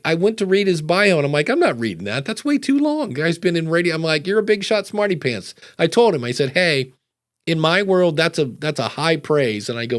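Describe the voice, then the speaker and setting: A man hosting a podcast, reading out chat comments and chatting casually with many fillers. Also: on the high side. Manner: loose and rambling, many fillers. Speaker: podcast host.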